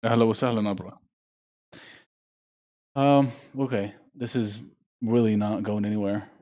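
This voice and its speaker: Relaxed man with a mellow voice. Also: on the low side, unhurried. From Jordan. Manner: relaxed, rambling, thinks aloud with fillers. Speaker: market analyst hosting a live trading stream. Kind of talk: casual live market commentary.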